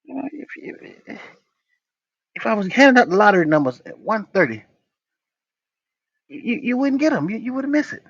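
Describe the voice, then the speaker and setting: Lively, husky man chatting on a livestream. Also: high voice, normal speed, long pauses, no room sound. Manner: loose, joking, talks to viewers directly. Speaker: livestream host. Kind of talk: casual rambling livestream chat. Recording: dull, dry lo-fi stream audio.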